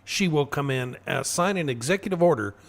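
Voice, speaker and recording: A man co-hosting a casual political talk radio show, talking in a halting way with fillers and restarts. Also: fairly high pitch, expressive. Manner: halting, lots of fillers and restarts, laughs at own stories. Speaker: radio co-host.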